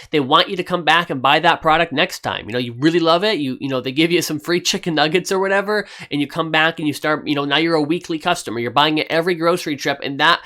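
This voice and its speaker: A man's voice: fairly high pitch, bright, forceful tone. A man hosting his own finance video, giving his opinions in a casual, conversational way, with lots of "you know" and "okay".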